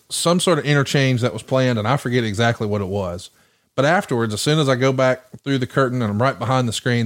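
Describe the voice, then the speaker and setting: A man hosting a casual chat, telling backstage stories, acting out quoted lines and laughing often. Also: medium pitch. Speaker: podcast host, wrestling promoter.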